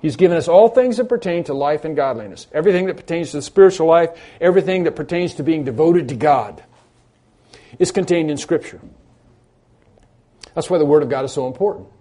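A man's voice: fairly high pitch, lively intonation, brisk, dark tone. A man preaching a sermon in an earnest, emphatic way, often restarting his phrases as he explains a scripture passage. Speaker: pastor.

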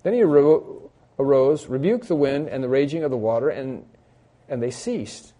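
A man's voice: medium pitch, lively intonation, normal speed, dark tone. A man preaching an expository sermon in a conversational way, repeating key phrases for emphasis and poking fun at himself. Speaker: pastor.

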